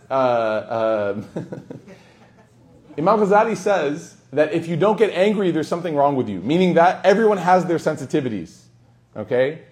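A man's voice: a little high, a little mellow. A man teaching a religious study circle in a casual, joking way. He tells anecdotes and acts out the dialogue. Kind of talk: informal religious lesson.

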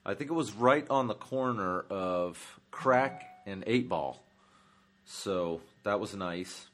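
A man's voice: lowish voice, lively intonation, takes it slowly, a bit bright, a little hiss or hum. A man hosting a comedy travel podcast, rambling through a profane monologue with lots of ums and uhs. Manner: rambling, profane, many fillers.

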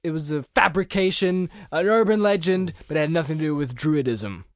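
A man's voice: fairly high pitch, fairly quick, no room sound, studio quality. A man co-hosting a casual podcast, rambling and restarting his sentences, a little tipsy from beer. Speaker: podcast co-host. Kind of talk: casual chat.

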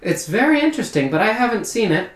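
A man's voice: sits high, sing-song, fast, voice pushed up. A man voicing a skeptical, matter-of-fact female scholar who lectures and dismisses ideas. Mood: dismissive. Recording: roomy echo.

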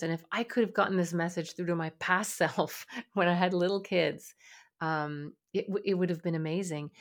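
A woman hosting a parenting podcast, speaking earnestly and often acting out what a parent might say to a child. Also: fairly low pitch. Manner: earnest, acts out parent dialogue. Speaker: podcast host and parenting coach. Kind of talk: motivational podcast talk.

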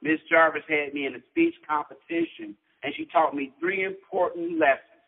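A man with a fairly high voice speaks earnestly over a tinny phone line. He builds his points in a rising, preacher-like rhythm, like a motivational speaker. He is a guest telling his own story. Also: big pitch swings, moderate pace, vocal fry. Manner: earnest and inspirational, preacher-like cadence. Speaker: author and guest.

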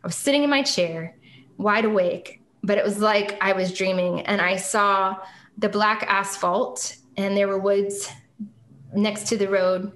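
A woman's voice: medium pitch, fairly bright tone. Earnest woman sharing a faith testimony. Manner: earnest, reflective, slow and emphatic at key phrases. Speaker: podcast guest, singer-songwriter. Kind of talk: emotional personal testimony.

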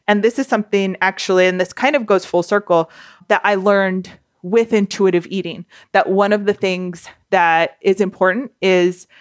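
A woman's voice: medium pitch, no room sound, studio quality. A young adult woman hosting a podcast, talking candidly in a chatty way with lots of fillers. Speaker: podcast host. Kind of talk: casual podcast monologue.

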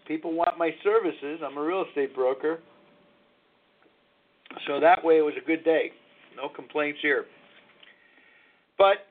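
Frank middle-aged man on a tinny line. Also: on the high side. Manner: frank, reflective, confessional. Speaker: host of a live recovery call-in show. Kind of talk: candid personal talk on live radio. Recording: narrow phone-like lo-fi line.

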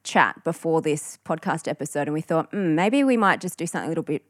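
Australian woman podcast host, low voice. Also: animated, fast talker, dry recording, studio quality. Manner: chatty, playful, slips in and out of a put-on American accent. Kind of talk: casual chat.

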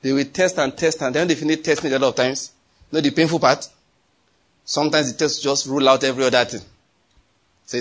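A man's voice: medium pitch, fairly even intonation, fast talker. A man preaching a sermon, telling stories, asking the audience questions and laughing often. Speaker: pastor.

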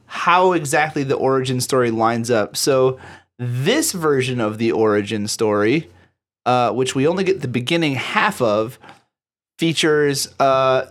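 Speaking at a measured pace in a mid-range, slightly bright voice, a man hosts a podcast and talks casually about a film. He's had some drinks and comes across a bit tipsy, rambling, full of fillers and poking fun at himself.

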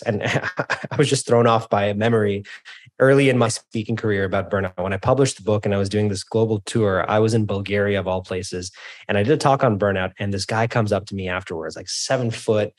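A man speaks as a podcast guest, his voice on the low side. His delivery is energetic and explanatory, like a keynote speaker. He breaks off now and then to rephrase. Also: a little fast. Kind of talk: interview conversation.

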